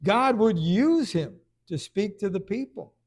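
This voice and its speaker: A man preaching a conversational sermon, stumbling over restarts and then rising into loud bursts of emphasis. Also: high-pitched, animated, a little slow.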